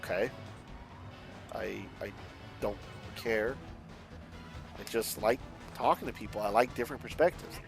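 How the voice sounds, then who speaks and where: Over background music, a young streamer from a Mexican family speaks a little slowly in a fairly low voice with vocal fry and long pauses. He rambles casually while playing a driving game, cursing often and starting his sentences over.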